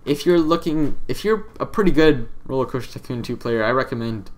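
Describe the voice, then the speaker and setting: A man's voice: medium pitch, a little fast. Rambling young man, gaming commentary. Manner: rambling, self-deprecating, offhand. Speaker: let's play commentator.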